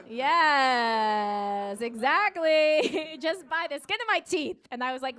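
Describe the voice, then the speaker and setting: An American woman performing a live stand-up set, animated and acting out dialogue in voices. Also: sits high, slow, few pauses. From United States. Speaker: stand-up comedian. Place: theater stage before a laughing audience.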